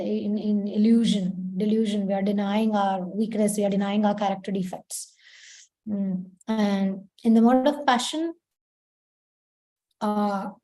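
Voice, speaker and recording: A woman's voice: medium pitch, dark tone. A woman giving a devotional lesson as a spiritual teacher, explaining patiently and acting out short example quotes.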